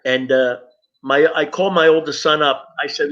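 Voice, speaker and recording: A middle-aged man gives an earnest personal testimony in a high, bright voice, speaking directly to the people listening. The recording sounds dull and lo-fi. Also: steady tone, moderate pace. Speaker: speaker sharing his recovery story.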